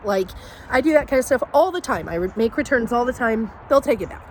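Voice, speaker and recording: A woman with a high voice tells a story straight to her camera, chatty and animated. A faint hum sits behind her. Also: fast talker, low-quality recording. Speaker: vlogger. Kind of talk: casual storytime.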